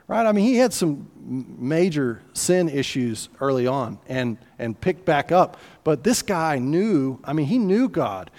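A man's voice: on the high side, a little mellow, big-room sound. A man preaching a sermon in a conversational, folksy way, with asides and restarts. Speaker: pastor.

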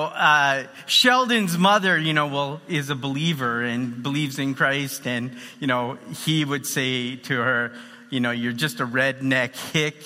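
A man's voice: high voice, sharp tone. A man preaching a sermon in a loose, conversational way with many fillers. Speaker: pastor. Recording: long hall reverb.

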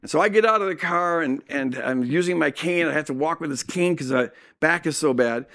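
A man telling a personal story in a sermon, animated and acting out what people said. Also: a little high, a little fast. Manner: animated storytelling with acted-out quotes. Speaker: speaker.

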